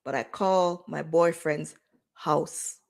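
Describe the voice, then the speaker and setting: A woman's voice: low voice, slow pace, creaky. A woman in her forties with a lilt tells her own story on a livestream. She speaks openly and with feeling, and she brings the people in her story to life through their quoted words. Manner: candid, emotional, animated retelling with quoted dialogue. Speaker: livestream host.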